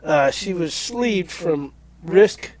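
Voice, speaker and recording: A man's voice: a little high, lively intonation, slow, a little mellow. A man hosting a podcast, telling a long story in a rambling, folksy way. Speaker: podcast host. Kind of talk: casual chat, anecdote telling.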